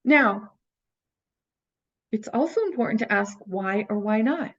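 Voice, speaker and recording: A woman's voice: medium pitch, expressive, unhurried, a bit bright, breathy edge, highs cut off. A woman teaching a recorded course, talking earnestly and coaching her listeners with rhetorical questions. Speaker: teacher of an inner-child healing course.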